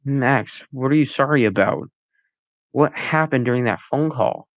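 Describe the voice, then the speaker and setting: A man's voice: mid-range voice, unhurried, no room sound, muffled recording, lightly acted. A man voicing a worried, confused teenage boy asking urgent questions. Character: teen boy, worried best friend.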